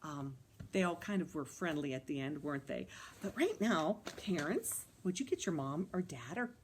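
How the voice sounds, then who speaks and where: A woman's voice: low voice, moderate pace, a little hiss or hum. A woman running a children's storytime in a library, reading aloud and asking the children questions. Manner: animated, coaxing, asks the kids questions. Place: library room.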